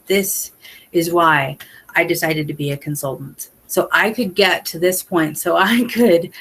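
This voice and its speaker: In a fairly bright but lowish voice, a young independent sales consultant talks to her team casually to motivate them. Her delivery is chatty, heavy on fillers, sincere, and emotional.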